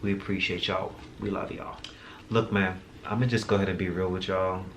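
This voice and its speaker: A man's voice: deep voice, level tone, moderate pace. A man hosting his own show, talking casually and candidly to his viewers, a bit tired, laughing often and using slang. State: tired, low energy. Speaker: podcast host. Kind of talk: casual solo vlog talk. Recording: echoey room with audible background noise.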